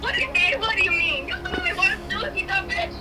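A woman scolding her boyfriend, exasperated and sharp, swearing at him. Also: very high-pitched, very animated, fast talker, over loud music. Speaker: girlfriend of the host.

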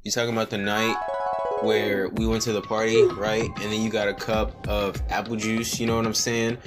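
A man's voice: lowish voice, flat delivery, normal speed, over loud music. Joking young man doing game commentary. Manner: joking, slangy, reads on-screen texts aloud and breaks into mock singing. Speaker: gaming video creator. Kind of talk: casual gameplay commentary.

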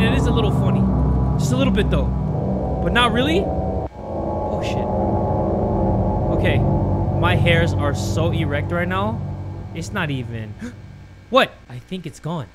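A man giving loud, jumpy commentary on a horror game, swearing and joking through his fear. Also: high voice, lively intonation, a little slow, pauses often, over loud music. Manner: jumpy, swears a lot, yells at monsters then jokes. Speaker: gaming YouTuber.

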